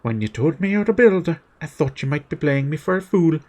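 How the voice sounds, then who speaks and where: A man's voice: fairly high pitch, expressive, a little mellow, voice pushed up. A man reading as an earnest holy sister. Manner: reads game dialogue aloud quickly, plain voice. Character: gentle young holy sister, earnest and grateful. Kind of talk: reading game text aloud.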